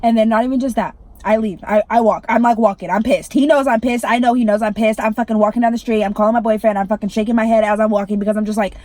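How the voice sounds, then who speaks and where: Young woman, irritated, casual storytime vlogger, swears and says "like" a lot, slightly high pitch. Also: fairly even intonation, fast talker, few pauses, warm tone, no echo. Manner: irritated, swearing, heavy use of "like".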